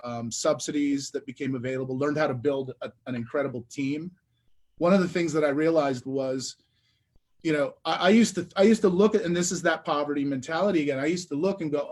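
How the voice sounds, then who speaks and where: A man, a real estate investor, telling his story in a casual interview, animated and full of restarts. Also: mid-range voice. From Detroit area. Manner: animated, lots of restarts and filler.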